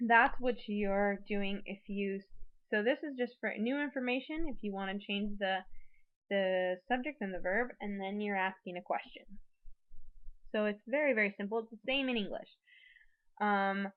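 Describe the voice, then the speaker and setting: A woman's voice: mid-range voice, normal speed. A woman teaching a recorded language lesson to her class, chatty, working through plenty of examples. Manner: chatty, explains with many examples. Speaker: Spanish teacher. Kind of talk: recorded lecture for students. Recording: dull lo-fi recording.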